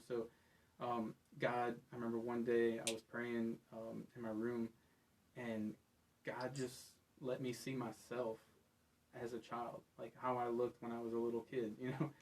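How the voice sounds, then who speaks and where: A man's voice: mid-range voice, a little mellow, a little hiss or hum, low-quality recording. A man in recovery talking earnestly and confessionally as a podcast guest. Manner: earnest, confessional, many fillers. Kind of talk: personal testimony in casual talk.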